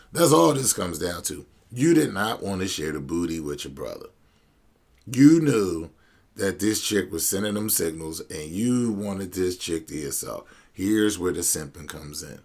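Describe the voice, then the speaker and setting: A man's voice: low voice, expressive, unhurried, a little mellow. A male podcast host retelling a client's story in casual, blunt, slangy commentary, quoting both sides of the conversation.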